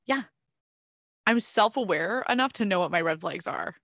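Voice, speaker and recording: Young woman co-host, mid pitch, dry close recording; frank and reactive in conversation. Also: expressive, moderate pace, a bit bright, dry recording. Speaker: podcast co-host. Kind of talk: casual chat.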